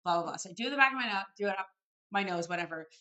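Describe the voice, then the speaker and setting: A woman co-hosting a podcast, telling a story in a casual, animated way and quoting herself. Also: medium pitch, rapid-fire. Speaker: podcast co-host.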